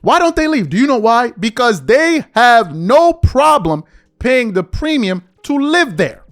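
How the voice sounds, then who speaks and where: A man's voice: very high-pitched, very animated, a little slow, a bit bright, faint music behind. A man hosting a podcast, delivering an exasperated opinion rant full of repeated rhetorical questions. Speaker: podcast host.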